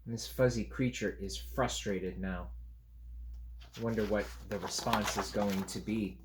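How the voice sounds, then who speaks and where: A man reading a picture book aloud to young children, chatting gently about the pictures between pages. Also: lowish voice, a little slow, slight background noise. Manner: animated, gentle, talks to young listeners. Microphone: camera on a tripod.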